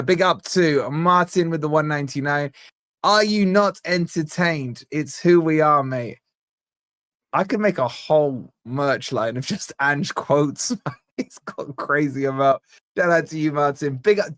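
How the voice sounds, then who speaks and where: An upbeat man hosting a live stream, chatting casually and reading out super chats with shout-outs. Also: on the high side, expressive, a little slow, no room sound, studio quality.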